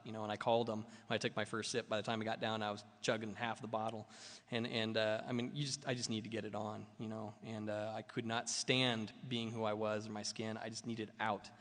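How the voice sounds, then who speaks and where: A man's voice: fairly low pitch, fairly bright tone. A man sharing his personal recovery story at a meeting, rambling and self-mocking with lots of fillers. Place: meeting hall. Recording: long reverb of a meeting hall.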